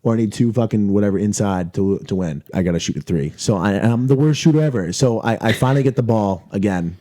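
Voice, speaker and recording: A young man in his twenties, a podcast guest telling a long story in a rambling, profane, excitable way with lots of restarts. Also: fairly low pitch, fast. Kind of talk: casual storytelling.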